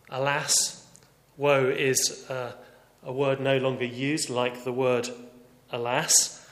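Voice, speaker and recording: An earnest preacher delivers his sermon, his fairly high voice climbing for emphasis and then sinking to a hush. The sound is roomy, with a long reverb carried through a large church hall. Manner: earnest, shifting between raised emphasis and quiet reflection.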